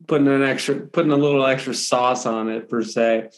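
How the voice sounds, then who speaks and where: A young adult man, a wrestler, chatting as a guest in a relaxed, easygoing way. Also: mid-range voice, a little fast. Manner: relaxed, easygoing, says "for sure" often. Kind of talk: casual interview chat.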